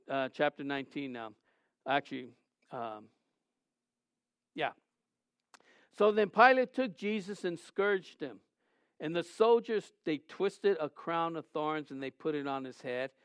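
A man's voice: sits high, clear, resonant tone, dry recording. A man preaching a sermon, reading scripture aloud and asking his listeners questions, rising with emphasis on key words. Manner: addresses listeners directly with questions. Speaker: pastor.

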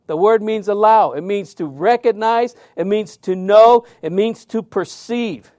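A man preaches with a high, lively voice, telling stories with sudden loud outbursts and hushed drops. His sound is dry and close, with no room echo. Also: measured pace. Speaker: pastor. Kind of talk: sermon.

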